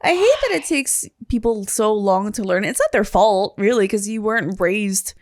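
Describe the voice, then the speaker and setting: A woman co-hosting a podcast, chatting casually and telling an animated story with acted-out quotes. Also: mid-range voice, moderate pace, dry recording, studio quality. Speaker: podcast co-host. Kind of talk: casual chat.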